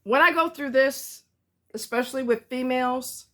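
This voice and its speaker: A woman's voice: high voice, moderate pace, pushed and bright. A woman ranting to her viewers in a vlog, blunt and emphatic, repeating herself for stress. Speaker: vlogger. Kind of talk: ranting to camera.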